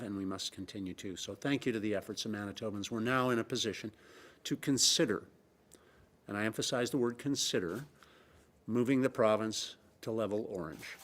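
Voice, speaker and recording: A middle-aged man giving a measured, earnest press briefing as a premier, often pausing on uh. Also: on the low side, a bit bright. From Canada. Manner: measured, earnest, with frequent uh fillers and repeated emphasis. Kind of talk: formal press briefing statement.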